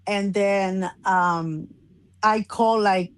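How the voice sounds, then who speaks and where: A woman co-hosting a casual chat show, telling a story in an animated way and laughing often. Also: medium pitch, very slow, smooth. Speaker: co-host.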